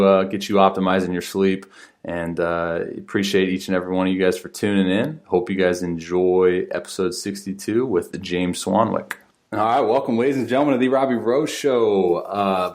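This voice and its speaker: A man hosting a podcast in casual chat, upbeat and full of fillers like "um" and "like". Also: low-pitched. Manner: filler-heavy, with many likes and ums. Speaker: podcast host.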